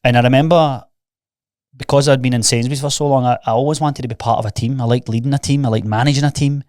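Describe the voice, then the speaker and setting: A man's voice: medium pitch, fairly even intonation, fast, a little mellow, dry recording, studio quality. A young Scottish man, a fitness coach and podcast guest, telling candid stories in a casual chat and peppering them with "mate".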